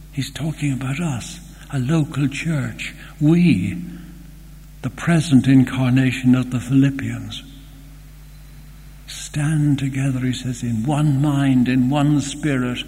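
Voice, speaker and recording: Slow older man preaching in a church. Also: medium pitch, dark tone. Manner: slow, earnest, fond digressions. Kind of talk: sermon. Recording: long hall reverb, faint hum.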